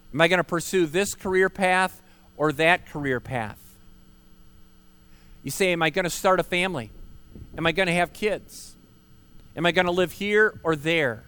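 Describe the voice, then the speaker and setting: A man's voice: sits high, normal speed, long pauses, pushed and bright, clear, resonant tone. A man, a pastor preaching a sermon at an outdoor park service, earnest and emphatic, asking rhetorical questions and repeating key words.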